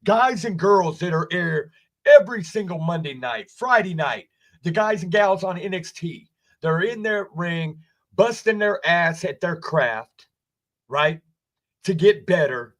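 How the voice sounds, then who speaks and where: A man's voice: high voice, a little slow. A man in his forties ranting angrily from his basement, swearing a lot and asking "right?" again and again. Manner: angry, swearing, repeating "right?". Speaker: wrestling streamer. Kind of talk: profane rant. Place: home basement.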